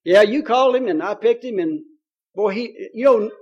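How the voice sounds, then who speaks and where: High-voiced man preaching a folksy sermon. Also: dull audio. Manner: folksy and conversational, paraphrasing scripture in plain talk; reads scripture aloud, slowing on key phrases.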